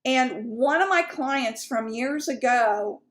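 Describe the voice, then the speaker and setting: A woman's voice: high voice, lively intonation, slow pace. A woman sales coach teaching in a chatty, candid way, with fillers and asides. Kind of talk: casual teaching talk.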